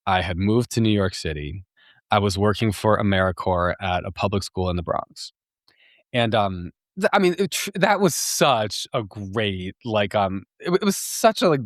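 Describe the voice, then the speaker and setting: A man's voice: lowish voice, no echo. Podcast host, man in his thirties, casual confessional storytelling, self-deprecating laughs, dry untreated sound. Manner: rambling, frequent fillers and restarts, laughs at himself. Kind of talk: candid personal storytelling.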